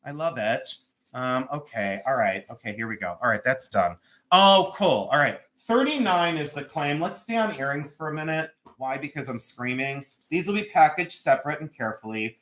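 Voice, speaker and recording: A man hosting a live sale stream from home, gushing over each item as he shows it off. He talks fast and chatty, with playful self-mocking banter and bursts of excitement. His voice sits at an ordinary middle pitch for a man. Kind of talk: live-stream selling chat.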